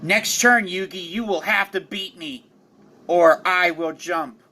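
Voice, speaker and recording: A man voicing a cold, proud young male rival duelist in a fan storybook telling, speaking low and clipped. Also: slow, pushed and bright, exaggerated voice. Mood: determined.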